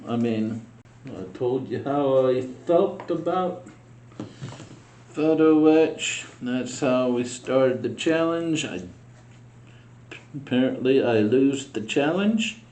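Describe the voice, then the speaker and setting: Slow-talking frustrated man building a model. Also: mid-range voice, lively intonation, mellow, echoey room, a little hiss or hum. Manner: muttering to himself, frustrated and exasperated. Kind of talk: casual build vlog narration.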